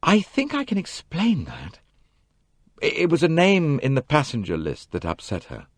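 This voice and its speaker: A man's voice: on the high side, wildly swooping pitch, dry recording, voice pushed up. A man doing a stammering, shaken young man. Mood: bewildered. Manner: stammering, halting. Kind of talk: audiobook character voice.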